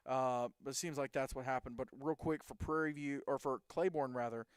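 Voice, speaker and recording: With a medium-pitched, clean voice, fairly even intonation, and a moderate pace, a man hosts a casual sports talk show. He rambles through game recaps and reads off stats in studio-quality audio with no room sound.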